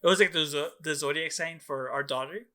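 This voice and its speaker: A young man co-hosting a podcast drifts through a long, casual story, swearing often and filling it with "like" and "dude." His voice is a little high with a sharp tone, and he talks fairly quickly.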